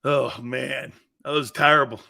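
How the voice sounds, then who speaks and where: A man's voice: mid-range voice, steady tone, measured pace, vocal fry, sharp tone. A man hosting a sports talk show, telling stories in a boisterous, casual way, laughing often and swearing freely. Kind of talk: casual chat and storytelling.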